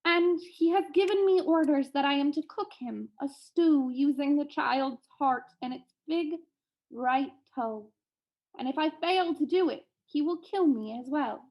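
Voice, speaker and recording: A woman's voice: high voice, a little slow, dull audio, pitched above the performer's own voice. A woman reading aloud and voicing an old captive washerwoman, sorrowful and earnest. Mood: pleading.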